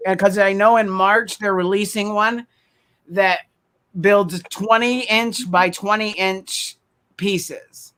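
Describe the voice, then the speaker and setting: A man's voice: high-pitched, steady tone, takes it slowly, pushed and bright, smooth. A man co-hosting a casual video podcast who talks eagerly and rambles, restarting sentences as he explains things. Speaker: podcast co-host. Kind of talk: casual chat.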